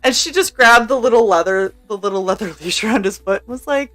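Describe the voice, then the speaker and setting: Animated young woman telling a story. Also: a little high, fast, few pauses, soft background music. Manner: animated, laughing, swears freely, acts out quotes. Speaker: streamer co-host. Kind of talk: casual storytelling chat.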